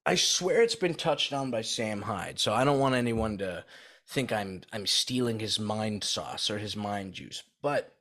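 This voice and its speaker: A man's voice: fairly low pitch, lively intonation, a little slow, fairly bright tone. A young man co-hosting a podcast, talking in a laid-back, slangy, rambling way. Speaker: podcast co-host. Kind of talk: casual podcast chat.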